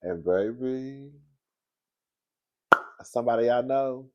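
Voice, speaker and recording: Man, sassy gossip host, animated, frequent laughter. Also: mid-range voice, slow, lo-fi sound. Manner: animated, sassy, laughs often, calls listeners girl and baby. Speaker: commentary show host. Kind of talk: casual gossip commentary.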